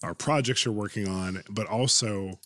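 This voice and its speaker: A man hosting a casual interview, playful and quick to laugh, with lively bursts of excitement. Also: fairly low pitch. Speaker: host.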